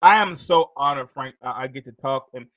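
A man hosting a live interview show, animated and quick to laugh, talking to his audience. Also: mid-range voice, no room sound, poor audio. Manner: animated, excitable, laughs often. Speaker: host.

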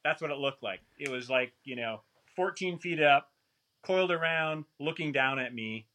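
A man telling a long story in a casual, animated, rambling way, often poking fun at himself. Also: on the high side, moderate pace. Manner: animated, rambling, self-mocking.

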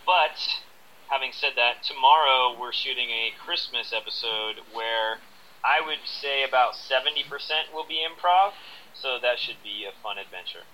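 Brief: male guest actor, bright, forward voice, casual. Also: medium pitch, normal speed, low-quality recording. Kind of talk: casual interview.

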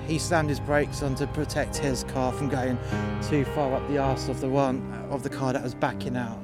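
A man's voice: medium pitch, level tone, normal speed. A man spins a rude, mocking yarn about his job, swearing freely and speaking in a mid-range voice. He sounds like he is outdoors in the freezing cold. Guitar music plays behind him. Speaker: podcast storyteller. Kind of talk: profane casual storytelling.

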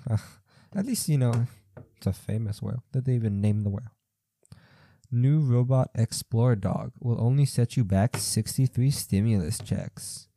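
A man's voice: fairly low pitch, dark tone, no room sound. A young man hosting a podcast, reading out odd news stories and reacting with rambling, incredulous asides full of fillers. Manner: rambling, incredulous, thinks aloud with many fillers. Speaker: podcast host. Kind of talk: casual commentary reading news stories aloud.

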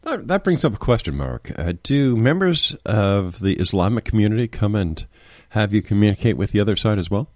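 A man's voice: on the low side, very animated, brisk, no echo, studio quality. A man hosting an interview, agreeable and encouraging toward his guest. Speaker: interview host. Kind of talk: interview conversation.

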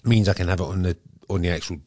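A man's voice: low voice, fairly even intonation, very fast, warm tone, no echo, clean studio sound. A man with a Scottish accent co-hosting a podcast in an easygoing casual chat, full of "um". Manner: easygoing, peppered with "um". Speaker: podcast co-host.

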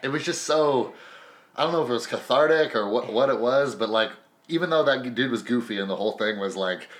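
Bright-voiced man swearing in casual chat. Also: medium pitch, fairly quick. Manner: excited, swears a lot, laughs often.

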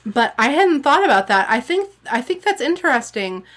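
A woman's voice: high-pitched, very animated, normal speed, a bit bright. A woman chats about a book she has just read, rambling and hesitant. She circles her thoughts with plenty of fillers. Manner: rambling, hesitant, lots of "like" and "I don't know". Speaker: book podcast co-host. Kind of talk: casual book discussion.

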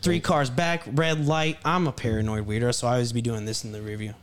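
A man's voice: medium pitch, steady tone, a little fast. A young man co-hosting a podcast, telling a rambling, profane story in casual chat. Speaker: podcast co-host.

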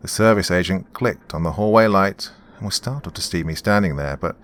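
A man narrating a horror story in a measured, grim storytelling manner. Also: low-pitched.

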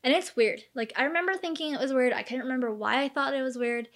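A woman's voice: high-pitched, fast talker, fairly bright tone. A woman in her thirties casually recounting a true crime case, chatty and full of fillers, acting out the quoted lines. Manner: chatty, many fillers, acts out quoted dialogue.

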